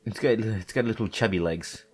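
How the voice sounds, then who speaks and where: A man's voice: on the low side, moderate pace, faint music behind. A man giving casual, meandering let's-play commentary, self-deprecating and full of hesitant restarts. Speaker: gameplay commentator.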